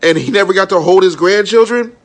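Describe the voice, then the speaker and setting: A man's voice: sits high, brisk. A man in his thirties, a minister and entrepreneur, speaking candidly and emotionally in a live-stream monologue, swearing freely and often checking in with his listeners. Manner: raw, frank and emotional, with profanity and many "you know what I'm saying".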